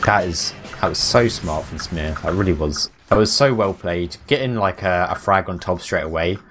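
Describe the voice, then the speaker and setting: A man's voice: sits low, moderate pace, a bit bright, faint music behind. A man giving color commentary on an online match, casual and analytical, with lots of restarts and "like". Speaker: esports co-caster.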